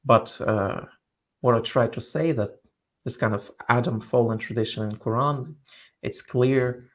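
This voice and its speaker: A man speaking as a guest in a scholarly interview, explaining in a halting way as he searches for words. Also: mid-range voice, fairly even intonation.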